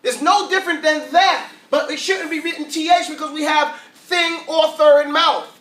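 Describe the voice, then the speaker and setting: High-voiced guy teaching arabic to a room, bright tone, quizzes the class, sounds far from the mic. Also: moderate pace, roomy sound. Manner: lively, asks the class questions, drills sounds aloud. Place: classroom with a group of students.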